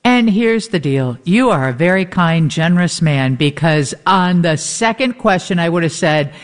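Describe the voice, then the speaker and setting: A woman's voice: lowish voice, lively intonation, moderate pace, hardly any pauses. Chatty woman radio co-host. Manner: laughs easily, chatty. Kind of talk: casual radio chat.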